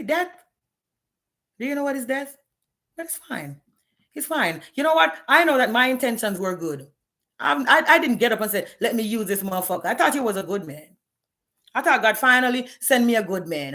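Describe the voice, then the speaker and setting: A woman's voice: mid-range voice, a bit bright. A woman, ranting bluntly and profanely on a live stream, challenging her viewers. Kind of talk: candid live-stream rant.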